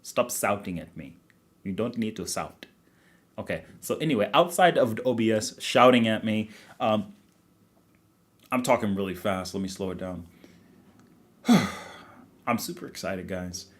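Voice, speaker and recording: A man's voice: on the low side, animated, a little slow, long pauses. A man hosting a livestream, wrapping up in a rambling, chatty way with lots of fillers. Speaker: livestream host. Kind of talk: casual livestream outro chat.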